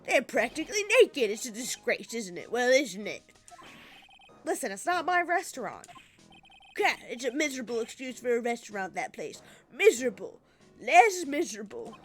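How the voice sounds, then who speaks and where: A woman playing a cantankerous old man from a video game who barks his complaints with swooping ups and downs. He is rude and gruff, scornful of everything around him, and his voice sits a little high for his age. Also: big pitch swings, moderate pace, soft background music. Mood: indignant. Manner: gruff, barking insults.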